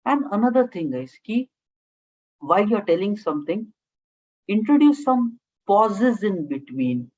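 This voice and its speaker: A woman's voice: medium pitch, very animated, measured pace, mellow, muffled recording. A woman with an Indian English accent teaching communication skills. She speaks in short phrases, often checks in with "okay?", and slips Hindi words into her English. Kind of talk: classroom lecture.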